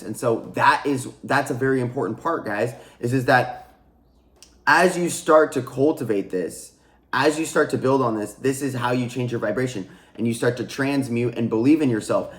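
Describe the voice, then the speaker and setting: A spiritual coach and channel host speaks at normal speed and a middle pitch, offering a casual, off-the-cuff spiritual teaching to camera. Earnest and given to repetition, he restarts sentences and calls his audience guys, while the echoey room makes his voice ring noticeably.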